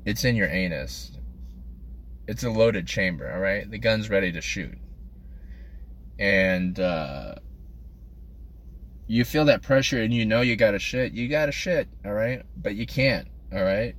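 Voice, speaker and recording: A man's voice: on the low side, a little slow, pauses often, a bit bright. A man delivering a crude, self-deprecating comedic monologue as a podcast host, rambling from one thought to the next.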